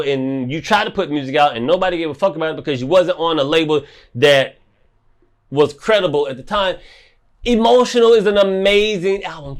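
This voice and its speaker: Fired-up man ranting, fairly high voice. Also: brisk. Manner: heated, profane, emphatic repetition. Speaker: commentator. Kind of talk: impassioned monologue to camera.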